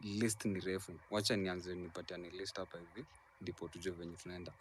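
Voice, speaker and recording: Low-voiced Kenyan man moderating. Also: little pitch movement, brisk, a little hiss or hum. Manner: directive, calls speakers in turn. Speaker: host of a live audio room. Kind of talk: moderating a discussion.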